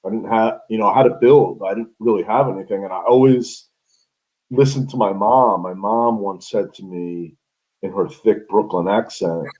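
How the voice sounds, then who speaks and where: New guy, low voice, dull lo-fi call audio, easygoing and rambly. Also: normal speed. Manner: relaxed, rambling, many restarts. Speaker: guest, sports business founder. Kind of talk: casual interview conversation.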